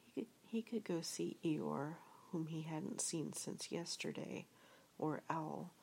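A woman giving a soft-spoken reading of a storybook with reflective passages, often half-whispered. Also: sits low, slow, vocal fry, slight background noise. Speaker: reader.

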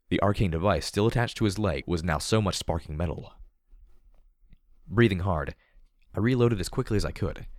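A man narrating first-person fiction in a steady, measured reading voice. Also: sits low, no room sound, studio quality. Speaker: audiobook narrator.

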